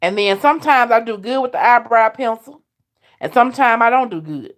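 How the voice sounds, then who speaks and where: A woman's voice: fairly high pitch, animated, a little fast. A woman hosting a casual live chat, talking straight to her viewers and laughing often. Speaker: live stream host.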